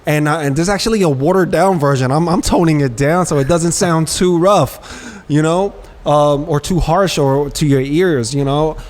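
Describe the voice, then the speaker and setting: This co-host of a casual podcast has a fairly high voice and a moderate pace. Telling stories with lots of energy, he acts out what people said in street slang.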